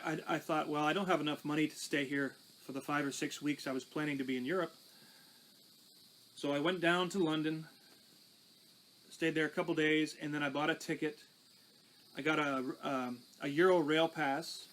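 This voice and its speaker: Telling the story of his life, a pastor from Canada talks conversationally and makes small restarts along the way. The rough recording captures a fairly high, slightly bright male voice.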